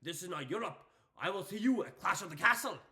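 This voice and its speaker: A man's voice: high-pitched, expressive, brisk, bright, forceful tone, exaggerated voice. A man voicing a stern British male wrestling authority figure in a casual vlog.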